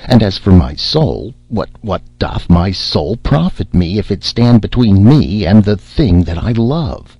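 A man's voice: fairly low pitch, sing-song, a little slow, hardly any pauses, mellow, husky, dry recording, highs cut off, heavily acted. A man voicing a grieving young fisherman in love, pleading in earnest archaic speech.

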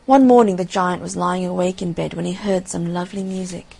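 Husky, gravelly woman reading a fairy tale. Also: lowish voice, fairly even intonation, a little fast, mellow, low-quality recording. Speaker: narrator.

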